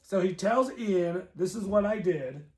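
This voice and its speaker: A man's voice: high voice, expressive, measured pace. A man co-hosting a casual movie review, animatedly retelling scenes and laughing often. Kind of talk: casual chat.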